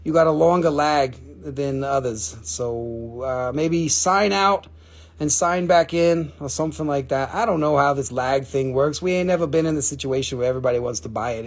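A man hosting a live stream to sell crystals, talking casually, swearing freely and counting down each sale. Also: medium pitch.

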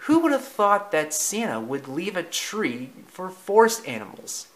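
A man's voice: high-pitched, sing-song, measured pace, fairly bright tone, pitched above the performer's own voice, full character voice. Thomas, a man doing a cheerful steam engine.

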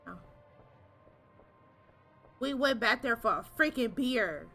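A young woman streaming a horror game, talking in an animated way straight to her viewers and swearing often. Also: on the high side, takes it slowly, soft background music. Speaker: gaming streamer. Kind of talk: casual let's-play commentary.

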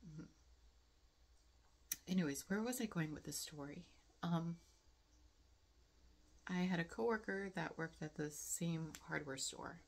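A young woman talks at length to her viewers in a loose, meandering way, leaning on fillers and pausing to reflect. Her voice sits low, with a gravelly fry running through it. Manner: chatty, frequent fillers, laughs often, reflective. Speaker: vlogger. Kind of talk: casual rambling monologue.

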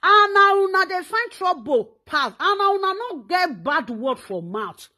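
A woman's voice: very high-pitched, very animated, unhurried, bright, forceful tone. A Nigerian woman hosting her own talk show, delivering a scolding, insulting rant. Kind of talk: social media rant.

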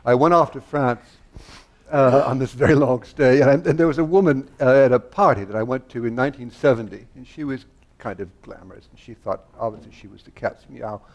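This older American guest conductor and harpsichordist tells stories onstage at a fairly quick clip, his voice sitting in the middle range. Full of laughter and animation, he keeps tripping over restarts, and every answer feels like a guest loosening up in front of a crowd.

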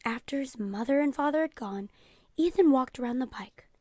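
A woman teacher reading a children's storybook aloud in a calm storytelling voice, announcing page numbers. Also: high-pitched, normal speed, dry recording, studio quality. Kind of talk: children's read-aloud narration.

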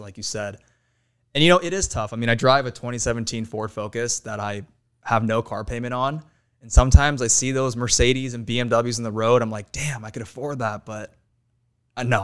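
A man in his twenties speaks as a podcast guest, his voice smooth and clear. He talks candidly and easily in casual chat. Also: medium pitch. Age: 20s.

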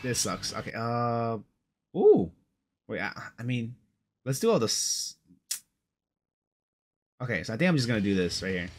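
A man's voice: lowish voice, big pitch swings, measured pace, pauses often, a bit bright, faint music behind. A young man giving casual, slangy commentary on a mobile game, frustrated and peppering his talk with bro and dude.

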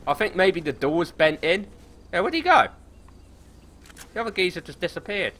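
A man with a British accent commentating on his gameplay, excitable, swearing a lot and laughing often. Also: high-pitched, moderate pace, long pauses. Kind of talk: casual let's play commentary.

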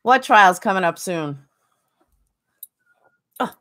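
A woman streams a game, chatting casually and reading chat as she answers viewers by name. Her medium-pitched voice is animated and fairly bright in tone, and her pace is slow.

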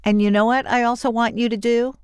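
A woman's voice: on the high side, brisk, smooth, dry recording, clean studio sound. An older woman hosting her own podcast, talking chattily and effusively in a solo monologue. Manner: chatty, animated and warmly effusive. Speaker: podcast host.

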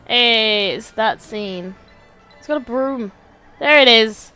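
Girl swearing through a game, high bright voice, takes her time. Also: takes it slowly, clear, resonant tone, soft background music. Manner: sweary, excitable, joking. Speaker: let's play host. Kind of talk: casual gameplay commentary.

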